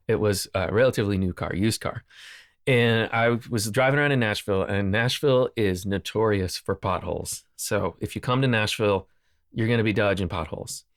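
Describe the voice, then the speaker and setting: A man hosting a solo podcast, talking in an earnest, unhurried way and repeating phrases for emphasis. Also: fairly low pitch, dry recording, clean studio sound. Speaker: podcast host. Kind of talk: reflective solo podcast talk. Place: lives in Nashville.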